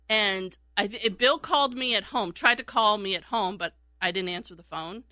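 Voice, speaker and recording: A woman's voice: mid-range voice, normal speed, bright, forceful tone, no room sound. A woman telling a casual story in a chat, laughing often and acting out what people said. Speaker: radio show regular, former call screener.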